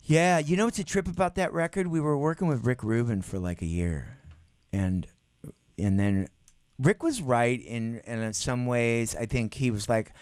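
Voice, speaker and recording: A man's voice: normal speed, dry recording. Middle-aged guy spinning band stories in a radio studio, acts out quotes, dry close sound. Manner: animated, acts out quotes in a higher voice. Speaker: guest musician. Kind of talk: interview storytelling.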